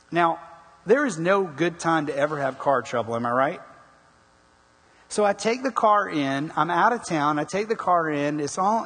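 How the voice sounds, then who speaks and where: A middle-aged male pastor preaching to his congregation with a slightly husky, somewhat high voice. He tells stories with lively rhetorical questions. His voice rings through a large hall with long reverb. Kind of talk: sermon.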